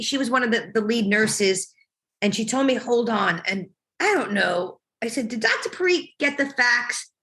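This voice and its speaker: A woman's voice: fairly high pitch, fairly bright tone. A woman in her thirties, a mother telling her family's story in an emotional, reflective testimony, often quoting what was said. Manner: emotional, reflective, quotes dialogue with small laughs. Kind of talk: personal testimony interview.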